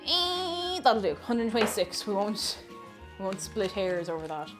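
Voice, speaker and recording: A woman's voice: mid-range voice, sing-song, unhurried, music in the background. A woman chatting casually and playfully while baking on a live stream, rambling and chuckling as she goes.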